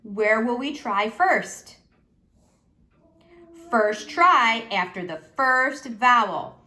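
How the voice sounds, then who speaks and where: A woman teacher giving a slow, patient phonics lesson to children, asking them questions as she goes. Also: a little high, animated, sharp tone.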